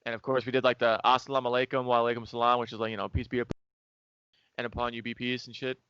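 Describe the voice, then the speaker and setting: A young man with a smooth, clear voice chats in a relaxed, jokey way, full of fillers. His sound is dry and close. The recording has a dull, lo-fi tone. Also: mid-range voice, fast, no echo. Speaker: podcast co-host. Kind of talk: casual chat.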